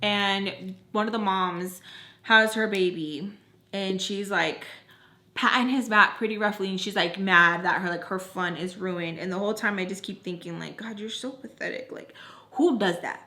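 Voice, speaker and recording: A young woman telling a storytime in a casual chat, animated, swearing and saying "like" a lot. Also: mid-range voice, normal speed, roomy sound. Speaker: storytime vlogger.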